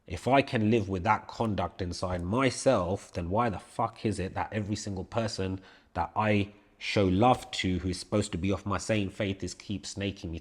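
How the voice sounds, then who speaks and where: A low-voiced man tells a story on a podcast in a loose, conversational way. He speaks bluntly and swears freely, pressing each point home by repeating it. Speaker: podcast co-host. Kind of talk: casual storytelling chat.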